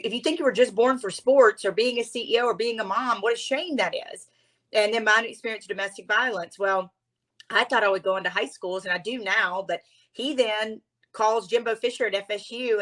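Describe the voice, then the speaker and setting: Expressive, earnest woman telling her story. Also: mid-range voice, poor audio. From Louisiana. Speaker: guest, author and speaker. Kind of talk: conversational storytelling.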